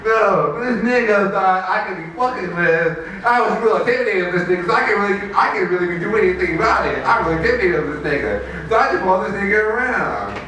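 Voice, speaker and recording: Man, open mic comedian, rambling and swearing, sharp bright tone, distant echoey room. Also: sits high, animated, fast talker, hardly any pauses, slight background noise. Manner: rambling, laughs at his own lines, swears a lot. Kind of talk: stand-up storytelling. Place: small open mic venue.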